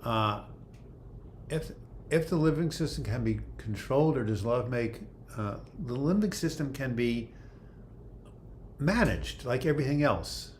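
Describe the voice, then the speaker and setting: A man's voice: medium pitch, expressive, a little slow. An older man talks casually to his livestream viewers. He reads their comments aloud and answers them in a chatty, easygoing way. A faint background noise sits under his voice. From United States. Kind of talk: casual live chat.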